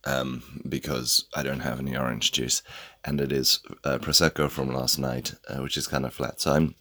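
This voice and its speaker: A man from Africa, hosting a podcast at home in a relaxed, rambling solo chat full of ums and self-deprecating asides. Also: a bass voice. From South Africa. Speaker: podcast host.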